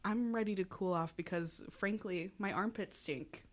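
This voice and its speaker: A woman's voice: mid-range voice, moderate pace. A woman co-hosting a podcast with playful, blunt quips. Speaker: podcast co-host. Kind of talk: casual podcast chat.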